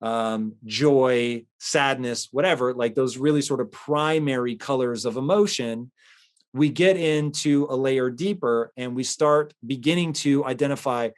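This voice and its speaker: A man's voice: medium pitch, measured pace. A man hosting a motivational talk, speaking emphatically in a conversational, storytelling way. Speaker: host.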